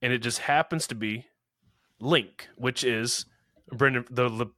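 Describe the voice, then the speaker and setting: A podcast co-host in his thirties rambles through a casual movie recap at a measured pace, dropping lots of "you know" fillers and acting out the characters' lines. His mid-range voice is bright and forward, and the recording is dry and close.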